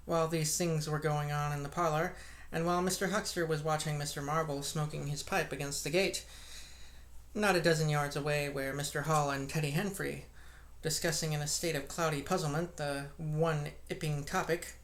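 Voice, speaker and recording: Woman steadily reading a classic novel aloud. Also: low voice. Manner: steady, measured narration. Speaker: audiobook reader.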